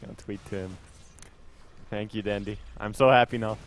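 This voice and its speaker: A man co-casting a live esports match, bantering with his partner in a relaxed, joking way. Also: on the low side, moderate pace, a little hiss or hum. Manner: laid-back, joking banter. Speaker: esports co-caster. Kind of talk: live game commentary.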